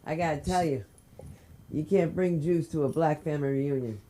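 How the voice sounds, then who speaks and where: Low-voiced brassy woman comic. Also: moderate pace. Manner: loud, brassy storytelling. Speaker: stand-up comic. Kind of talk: open-mic stand-up set. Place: comedy club stage.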